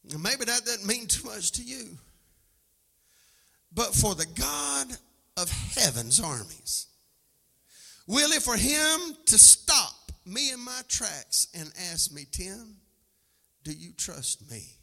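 A man preaching a sermon as pastor, alternating a shouting, sing-song cadence with plain storytelling. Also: very high-pitched, big pitch swings, slow, vocal fry, long pauses. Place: church sanctuary. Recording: long hall reverb from a live church service.

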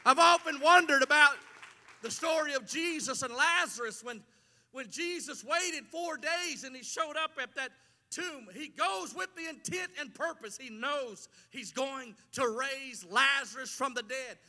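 Man, middle-aged pastor, very high and bright-toned, passionate repetitive sermon style, long church-hall echo. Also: a little slow. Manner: impassioned preaching with repeated phrases. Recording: long reverb of a large hall.

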